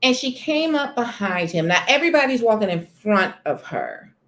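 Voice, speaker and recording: A woman's voice: fairly high pitch, big pitch swings, moderate pace, a bit bright. A woman hosting a casual live stream from a corner of her home, chatting expressively about celebrity news and greeting viewers in the chat by name. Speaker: livestream host. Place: corner of a room at home near a sunny window.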